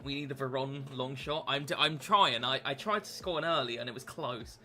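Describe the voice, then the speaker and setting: A man's voice: medium pitch, a little fast, sharp tone, soft background music. A young man chatting casually on a live stream while gaming, rambling with lots of fillers and restarts. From England.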